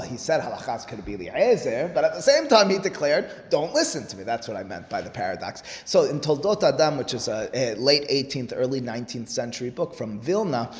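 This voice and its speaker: A man teaching a Talmud class, animated, swinging from loud exclamations to quiet asides in a classroom. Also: medium pitch. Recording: echoey room with long reverb.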